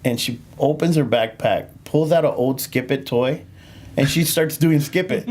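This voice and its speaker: On a relaxed podcast, this male comic spins stories in a voice on the high side at a moderate pace, with a little hiss or hum in the audio. His delivery wanders, broken by frequent laughter, fillers, and restarts.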